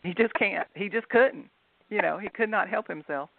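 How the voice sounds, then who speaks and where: A woman's voice: mid-range voice, normal speed, vocal fry, no echo. A woman from the American South, a guest author, telling chatty stories and laughing often. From Southern United States. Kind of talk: casual storytelling interview. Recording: tinny phone line.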